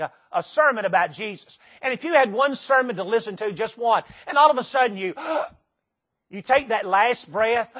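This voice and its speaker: A man preaching a sermon to a congregation, impassioned, repeating phrases for emphasis and swinging between loud and quiet. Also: high-pitched. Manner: impassioned preaching with dramatic shifts in loudness and pace.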